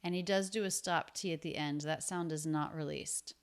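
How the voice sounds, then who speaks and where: A woman teaching English pronunciation, explaining each sound slowly and repeating words to demonstrate them. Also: low voice, fairly even intonation, clear, resonant tone. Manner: slow and deliberate, repeats sounds to show them. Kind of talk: explaining pronunciation from a film clip.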